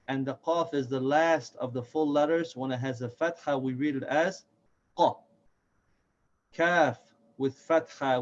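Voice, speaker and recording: A man's voice: fairly high pitch, slight background noise. A man teaching a recorded reading lesson, patiently repeating each letter sound for learners. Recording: dull lo-fi recording.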